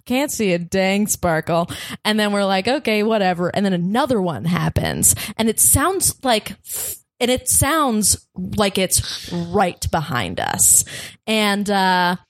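Woman, podcast guest, casual storyteller. Animated, laughs a lot, swears, acts out quotes. Mid pitch, dry studio sound. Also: takes it slowly, no room sound.

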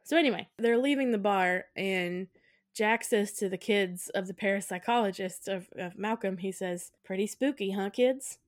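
A woman's voice: mid-range voice, normal speed, dry recording, studio quality. A woman co-hosting a podcast, recapping a film in casual chat and laughing often. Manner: laughs often, acts out quotes in voices. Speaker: podcast co-host.

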